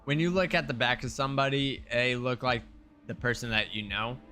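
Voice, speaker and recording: A man's voice: medium pitch, fairly even intonation, brisk, bright, forceful tone, soft background music. A young man co-hosting a podcast, telling a story in a laid-back, chatty way. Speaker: podcast co-host. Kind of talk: casual chat.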